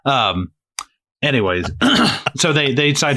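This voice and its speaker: A man co-hosting a casual movie podcast, animated and swearing freely as he acts out lines from the film. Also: lowish voice, moderate pace. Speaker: podcast co-host.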